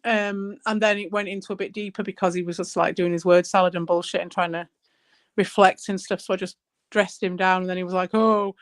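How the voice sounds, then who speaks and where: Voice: mid-range voice, flat delivery, brisk, poor audio. A speaker, rambling and swearing freely while chatting casually online as a co-host. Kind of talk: casual chat.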